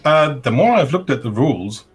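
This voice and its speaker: A man's voice: medium pitch, sing-song, normal speed, breathy edge. A man joining a casual hobby chat as a guest, speaking hesitantly with many ums and restarts.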